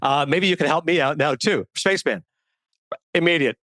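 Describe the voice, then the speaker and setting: A man in casual podcast conversation, telling an animated anecdote as a guest author. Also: on the high side, quick pace, dry recording. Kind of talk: casual storytelling.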